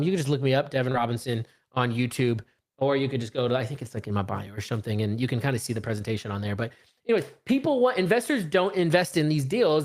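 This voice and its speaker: A man in his late thirties giving a casual live-streamed business talk, acting out little dialogues as he goes. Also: a little high. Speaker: real estate investor and speaker.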